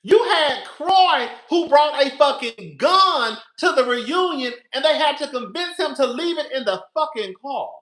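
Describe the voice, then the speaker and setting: A man's voice: very high voice, lively intonation, unhurried, hardly any pauses, sharp tone, reverberant, poor audio. A man reviewing a reality show, over-the-top and dramatic, swearing freely and swinging from hollering to whispering. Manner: profane, chatty, calls listeners "girl". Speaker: TV recap vlogger.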